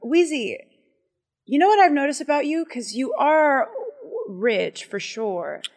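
A woman's voice: sits high, expressive, darkish tone. Teasing blunt woman host. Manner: teasing, blunt, quick-talking. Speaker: podcast host. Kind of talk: casual chat.

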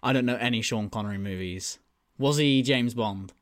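Male podcast co-host, mid-pitch, dry close sound, thinks aloud with easy swearing. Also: normal speed, no echo. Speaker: podcast co-host and quiz contestant. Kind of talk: casual podcast banter.

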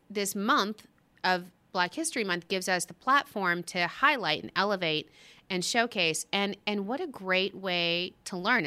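Brief: middle-aged female talk-show host, crisp tone, eager, rambling chat style. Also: mid-range voice, bright, forceful tone. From US West Coast. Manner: chatty, enthusiastic, restarts often. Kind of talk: casual chat.

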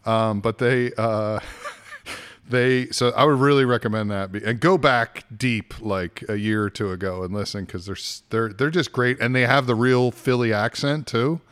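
A man's voice: mid-range voice, normal speed, fairly bright tone, clean tone. A man co-hosting a podcast, chatting casually and rambling through recommendations with lots of restarts. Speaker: podcast co-host. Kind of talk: casual chat.

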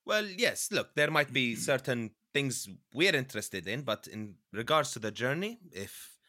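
A man playing a tabletop game, playful and quick to joke. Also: mid-range voice, expressive, sharp tone. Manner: playful, laughing, earnest in-character bits. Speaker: player. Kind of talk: casual chat.

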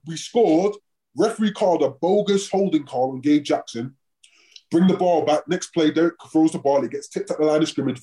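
Guy on a podcast telling a football story, acts out the back and forth, voice sits a bit high. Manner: animated storyteller, acts out quoted exchanges. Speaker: podcast guest, former football player. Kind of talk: casual chat, storytelling.

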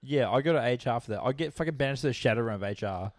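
A man's voice: medium pitch, rapid-fire, no room sound, studio quality. A young man co-hosting a podcast, swearing freely and retelling work stories in casual crude banter. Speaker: podcast co-host.

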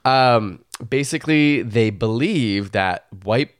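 A man's voice: medium pitch, animated, slow pace, clean tone, no echo, studio quality. A young man co-hosting a podcast in casual chat, explaining a health story in an easygoing, hesitant way. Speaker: podcast co-host.

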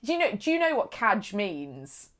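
A woman's voice: medium pitch, big pitch swings, moderate pace, a bit bright. A woman in her thirties chatting casually, laughing often and acting out the people she quotes. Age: 30s. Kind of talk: casual chat.

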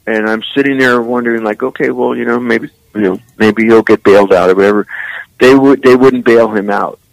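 An older man from San Francisco, a musician guest, telling rambling, animated stories full of "man" and "you know.". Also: mid-range voice, brisk, creaky, dry recording, poor audio. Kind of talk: casual storytelling interview.

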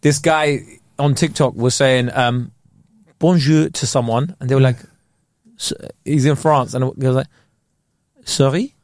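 A man co-hosting a podcast, telling stories in animated, slangy casual chat. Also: mid-range voice, measured pace, pauses often, no echo, clean studio sound. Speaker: podcast co-host.

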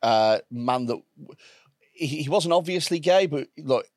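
A man's voice: fairly high pitch, expressive, a little mellow, no echo. Man, comedian, podcast co-host, casual storytelling, dry close mic. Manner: crude, anecdotal storytelling with halting restarts. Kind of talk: casual chat.

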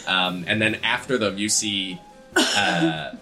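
Casting: bright, animated game master, man, faint music behind. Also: deep voice, takes it slowly. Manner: animated, laughs often. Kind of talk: narrating a tabletop game.

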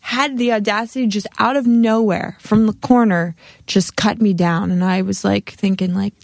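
Casual woman guest, gravelly fry in her voice, dry close sound, chatty storyteller. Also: mid-range voice, moderate pace, dry recording. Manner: storytelling, heavy use of "like", animated quoting. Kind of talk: casual chat.

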